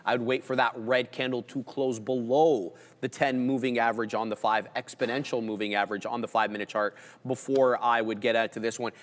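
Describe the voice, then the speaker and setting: Man, live trading commentary, excited price call-outs, mid pitch, reverberant room. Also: fairly quick, few pauses. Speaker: co-host of a live trading stream. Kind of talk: casual live market commentary.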